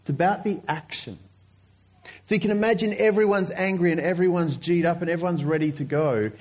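A man preaching a sermon, telling stories earnestly and slowing down to stress key points. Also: on the high side, a little mellow. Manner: earnest storytelling, slowing down for emphasis.

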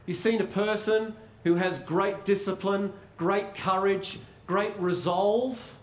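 A man preaching a sermon in a conversational way, asking rhetorical questions and pausing for effect. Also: sits high, steady tone. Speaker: pastor. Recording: roomy echo.

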